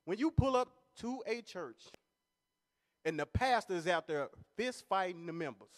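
A man doing animated stand-up comedy at a church service, laughing at his own jokes as he tells stories. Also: high-pitched, moderate pace. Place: large church hall. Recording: long reverb of a large church hall.

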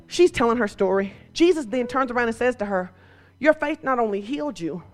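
A woman preacher delivering a sermon, moving from quiet storytelling to shouted exhortation. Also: a little high.

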